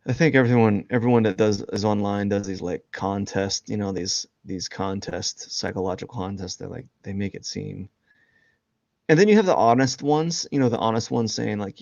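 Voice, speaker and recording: A man's voice: on the low side, normal speed, vocal fry, darkish tone, dry recording, highs cut off. A man chatting casually and rambling with lots of fillers while he live-streams a drawing session. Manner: rambling, filler-heavy, self-mocking.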